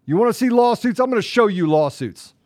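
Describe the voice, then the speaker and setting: A man co-hosting a political talk show, angry and emphatic, swinging between loud outbursts and low muttering. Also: animated, a little fast, no room sound, clean studio sound. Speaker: podcast co-host.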